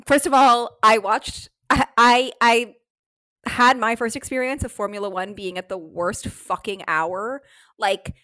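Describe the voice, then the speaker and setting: A woman co-hosting a podcast in casual chat, animated, swearing and saying "like" often, breaking into shrieking laughter. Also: fairly high pitch, unhurried, no echo, rough recording. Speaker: podcast co-host.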